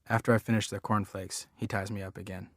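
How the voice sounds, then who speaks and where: A man narrating an audiobook in a plain, measured storytelling manner. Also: lowish voice, flat delivery, no room sound, clean studio sound. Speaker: audiobook reader. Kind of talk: scripted narration.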